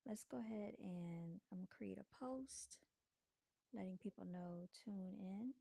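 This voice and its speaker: A woman's voice: mid-range voice, unhurried, gravelly, dark tone, breathy edge, no echo. A woman hosting her own livestream, chatting casually and calling her viewers "y'all" on a desk microphone at home. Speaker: livestream host. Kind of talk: casual live-stream talk.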